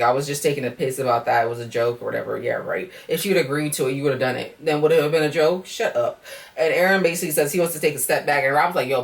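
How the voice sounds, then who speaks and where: A woman's voice: low voice, recorded from a distance. Sassy, profane woman recapping reality TV. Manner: sassy, blunt and profane, lots of "okay?" and "girl". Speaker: reality show recap vlogger.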